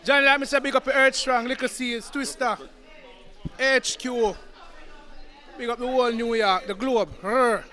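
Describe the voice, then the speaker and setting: A man's voice: very high-pitched, steady tone, moderate pace, pauses often. A man calling out names over a party. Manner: shouting names, hyped. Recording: loud crowd at an outdoor party.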